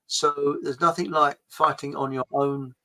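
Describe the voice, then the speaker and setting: A man hosting a casual talk show, rambling and jokey, swinging between loud and quiet. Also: on the high side, fairly even intonation, unhurried, low-quality recording. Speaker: show host. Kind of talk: casual political chat.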